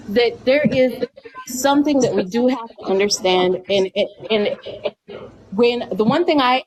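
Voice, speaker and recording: A woman from Colombia telling a personal story on a live stream in an earnest, measured way with many fillers and restarts. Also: a little high, low-quality recording.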